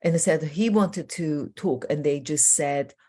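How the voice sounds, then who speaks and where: A middle-aged woman coach speaks in a low register, telling earnest stories from her work as an interview guest. Her delivery is animated, full of quick asides and restarts. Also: husky. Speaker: transformational coach.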